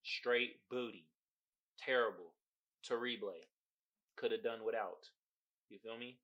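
A man hosting his own podcast, ranting casually and profanely, slipping into high mimicking voices. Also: steady tone, a little slow, highs cut off. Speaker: podcast host. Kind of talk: casual solo podcast rant.

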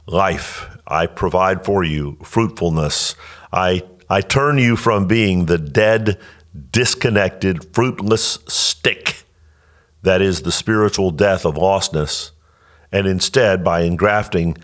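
A man with a very low voice teaches scripture on a podcast. He speaks slowly and deliberately, often restarting phrases and rising with emphasis on key points. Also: a bit bright. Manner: slow, deliberate delivery with emphatic rises and repeated restarts. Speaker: pastor and podcast host.

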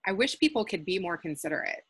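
A woman interviewing a guest, speaking in a sympathetic, measured way. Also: lowish voice, lively intonation, breathy edge.

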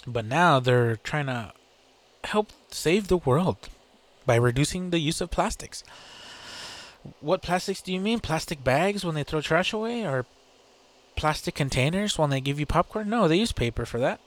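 A man's voice: on the high side, expressive, normal speed. A man hosting his own show, ranting casually and profanely with sarcasm, fillers and bursts of laughter. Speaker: podcast host. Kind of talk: casual solo rant.

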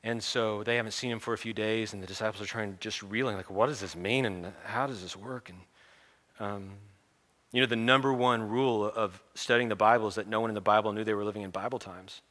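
A man's voice: lowish voice, steady tone, quick pace, a bit bright. A man preaching in a casual storytelling way, with humorous asides. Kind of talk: sermon storytelling.

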